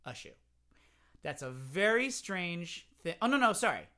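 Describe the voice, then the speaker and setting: A man's voice: high-pitched, very animated, unhurried, pushed and bright. A man teaching a playful children's singalong, singing songs and talking the children through games. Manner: playful, sings and whispers to children. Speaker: music teacher.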